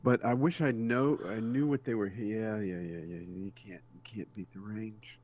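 A man chatting as a guest co-player over a game, lively and jokey, now and then putting on silly voices. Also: on the low side, normal speed. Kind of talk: casual gameplay chat. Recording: muffled lo-fi mic with faint hum.

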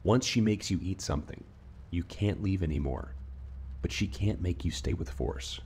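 A man's voice: low voice, moderate pace, a little mellow, slight background noise, lightly acted. A man voicing a wounded man in a suit in a spoken horror story, sounding strained and pleading.

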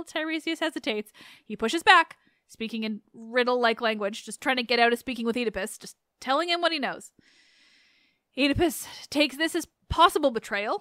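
A young adult woman hosting a podcast, retelling an old play in a chatty, animated way. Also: sits high, no echo, clean studio sound. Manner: chatty, animated, laughs and restarts. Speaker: podcast host. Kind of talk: casual myth retelling.

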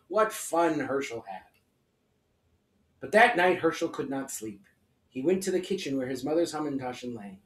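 A man reads a children's story aloud with expressive storytelling, in a somewhat high voice. He sounds set back from the mic. The room adds a clear echo. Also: distant mic. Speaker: rabbi.

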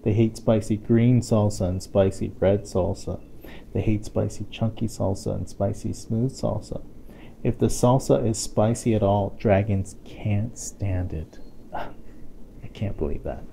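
A man's voice: on the low side, measured pace, gravelly, slight background noise. Playful man reading a picture book. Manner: playful and expressive, chatty asides to a listening child. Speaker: storytime reader.

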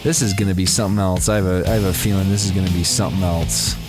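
A young man commenting on a game as he plays, giddy and breaking into high-pitched squeals of surprise. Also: fairly even intonation, racing, over music. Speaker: gameplay commentator. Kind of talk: excited let's-play commentary.

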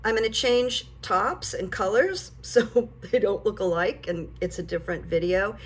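An older woman talking casually to camera, telling stories in a chatty, animated way. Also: medium pitch, normal speed, slightly rough. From United States. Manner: chatty, storytelling, animated when retelling. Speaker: vlogger and psychic coach.

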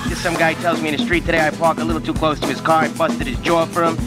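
A hot-headed thug, as a man puts him on, snarls profane threats in a raised, pushy voice at a quick clip. The lines are cut over loud backing music. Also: a little high, little pitch movement, close to an everyday voice. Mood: menacing.

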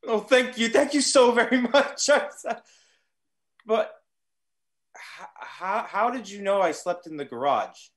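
A man's voice: high-pitched, very animated, slow, a bit bright, heavily acted. A man playing a humble, grateful father and clerk in an amateur online play. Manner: gushing, grateful.

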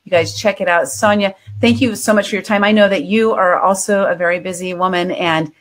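A woman's voice: medium pitch, steady tone, fairly quick. A woman in her fifties hosting an interview, chatting enthusiastically and laughing often. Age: 50s. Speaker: podcast host. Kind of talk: casual interview chat.

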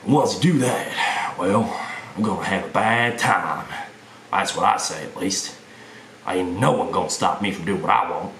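A swaggering Southern American tough guy, put on by a man who swears and brags without a care. The low voice echoes in a roomy space over a faint hiss. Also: measured pace, a bit bright.

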